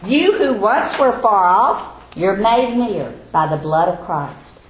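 Animated woman preaching in an echoey room. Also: medium pitch, a little hiss or hum. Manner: emphatic, slows down for key phrases. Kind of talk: expository sermon. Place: church or classroom with a board. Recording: echoey room with faint ambience.

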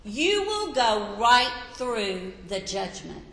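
A woman preaching a sermon, emphatic, rising to loud peaks and telling listeners to write points down. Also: a little high, big pitch swings, slow pace. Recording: echoey hall with long reverb.

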